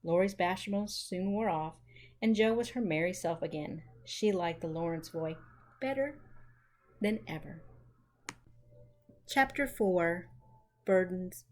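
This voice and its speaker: A woman narrating a classic children's novel as a gentle, unhurried storybook reading with mild character voices. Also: on the low side. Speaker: audiobook narrator.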